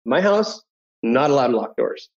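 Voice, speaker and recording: A man in his thirties, a guest telling personal stories in an animated way, who often acts out the voices of people in his anecdotes. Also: medium pitch, moderate pace, gravelly. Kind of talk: personal storytelling. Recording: dull lo-fi audio.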